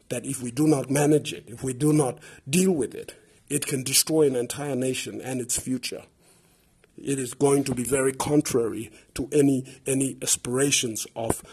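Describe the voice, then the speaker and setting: Man, Papua New Guinean English accent, podcast host, passionate advocacy monologue, very husky voice. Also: medium pitch, a little mellow. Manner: impassioned, repeats words and builds lists.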